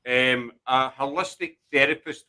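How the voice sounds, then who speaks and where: A man's voice: medium pitch, steady tone, measured pace, sharp tone, poor audio. Jokey Glaswegian man hosting a chat. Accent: Glaswegian Scottish. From Glasgow, Scotland. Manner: jokey, rambling, self-deprecating. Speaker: host. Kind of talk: casual chat show.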